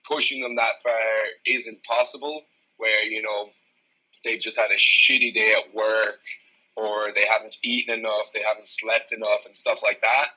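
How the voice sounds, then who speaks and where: Man, 20s, Irish accent, fitness coach guest, blunt, frank, husky. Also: on the low side, pushed and bright, rough recording. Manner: blunt, frank, swears freely. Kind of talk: casual podcast conversation.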